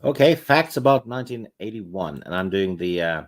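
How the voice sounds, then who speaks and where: A man from Norway whose first language is Norwegian, co-hosting a podcast. He speaks in a dry, low-key way with brief remarks. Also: expressive, normal speed. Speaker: podcast co-host. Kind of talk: casual chat.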